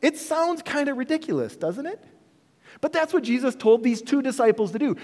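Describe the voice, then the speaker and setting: A male pastor delivers a sermon in a bright, high voice that swings widely up and down. He tells the story with animated energy and slips into quick voiced bits of dialogue. His voice rings out in a church hall with a long reverb.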